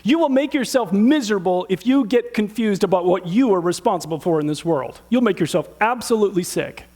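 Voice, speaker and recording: A middle-aged man preaching a sermon in a church, conversational and animated, asking the audience rhetorical questions. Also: high voice, fairly quick. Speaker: pastor.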